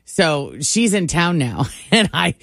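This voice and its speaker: A man, a small business owner, chatting as a guest in a radio studio, animated and laughing often. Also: fairly high pitch, takes it slowly, gravelly, dry recording. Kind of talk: casual studio chat.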